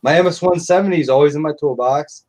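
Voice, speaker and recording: Man, middle-aged, casual live-stream chat, profane, blunt, slightly high voice. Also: fast, a little mellow.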